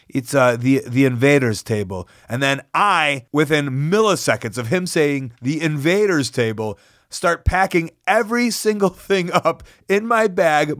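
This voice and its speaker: Lebhafter Mann, trockener Klang, erzählt Geschichten. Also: male voice, a little high, no room sound, studio quality. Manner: animated, swearing, acts out quotes. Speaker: podcast host. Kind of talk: casual storytelling and interviewing. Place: podcast recording and travel audio.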